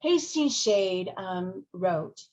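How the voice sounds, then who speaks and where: A woman giving a conference talk that walks listeners through calming techniques, speaking in a gentle, guiding way and chuckling often. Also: medium pitch, very slow. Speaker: plenary speaker. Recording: dull lo-fi audio.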